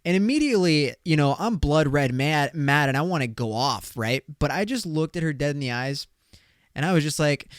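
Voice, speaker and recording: A man's voice: fairly high pitch, expressive, a little fast, dry recording, clean studio sound. A young man hosting a casual solo podcast, talking in a loose, slangy way and swearing as he jokes. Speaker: podcast host.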